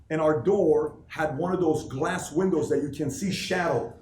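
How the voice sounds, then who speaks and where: In an office meeting space, a man delivers a live motivational talk to his team at a moderate pace, his voice a little high. He tells emphatic, animated stories and poses questions to the crowd, captured from far off in an echoey room with slight background noise.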